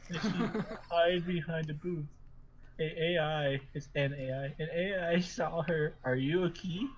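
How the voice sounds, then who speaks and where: A man's voice: a little high, steady tone, unhurried, a little hiss or hum, poor audio. A man hosting a podcast, reading silly stories aloud to friends and often breaking into laughter as he stumbles through them. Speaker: podcast host.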